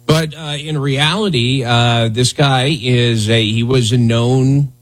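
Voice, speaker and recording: A man hosts a morning talk radio show from the studio, chatting loosely and mocking the news with a sarcastic, joking tone. His voice is somewhat husky, at an everyday pitch. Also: fairly even intonation, takes it slowly, poor audio.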